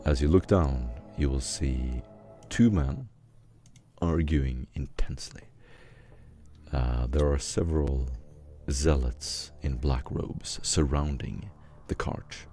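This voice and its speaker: A man with an extremely low voice narrates a tabletop game as its game master. He sets scenes at an easy pace, with the odd "uh", while soft music plays underneath. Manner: descriptive, unhurried scene-setting with fillers.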